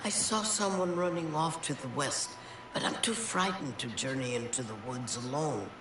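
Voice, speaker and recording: A woman's voice: low voice, moderate pace, close to an everyday voice. An actress playing a fretful village woman in a video game who pleads for help and gushes when she is helped. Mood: pleading. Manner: pleading, then gushing with relief. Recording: roomy, distant, noisy game audio.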